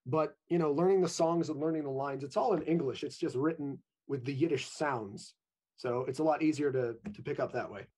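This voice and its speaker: Young male actor guest, fast talker, husky, pitched a bit high. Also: a little mellow. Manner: brief, modest, with restarts. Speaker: stage actor. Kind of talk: interview guest.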